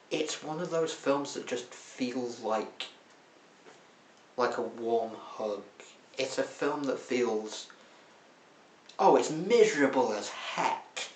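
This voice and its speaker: Recorded in an echoey room with a little background noise, a man with a medium-pitched voice gives a casual monthly film roundup. As the reviewer, he sprinkles in wry jokes at his own expense.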